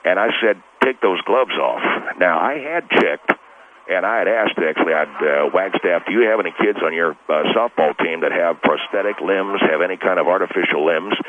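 A man playing a deep-voiced blustering Texas coach on the phone. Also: normal speed, lightly acted. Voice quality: rambling, defensive, self-correcting. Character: blustery, long-winded middle-aged male girls' softball coach. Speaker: caller. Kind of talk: radio comedy call-in bit. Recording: tinny phone line with faint hiss.

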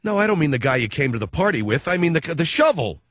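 Guy ranting sarcastic like a talk show host, loud then muttery, kinda muffled dry audio. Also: sing-song, fast, no room sound. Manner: sarcastic, mocking, swings between loud outbursts and low asides. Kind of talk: comic rant.

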